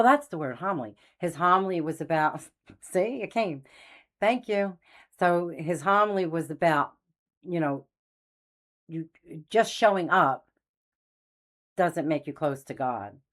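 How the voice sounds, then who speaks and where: A woman's voice: low voice, lively intonation, a little slow. A middle-aged woman hosting a faith channel, telling her story in a casual, meandering way and losing her train of thought. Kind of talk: casual spoken testimony.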